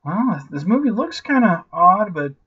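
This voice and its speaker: A man in his thirties giving a casual, ranting movie review, animated and profane, constantly saying "like" and "you know". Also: high-pitched, measured pace, breathy edge, dull audio. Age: 30s.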